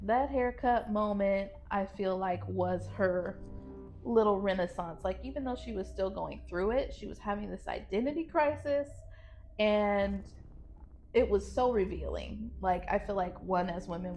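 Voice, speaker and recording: A woman co-hosting a casual film review podcast, expressive and quick to quote her own reactions. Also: medium pitch, creaky, soft background music. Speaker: podcast co-host.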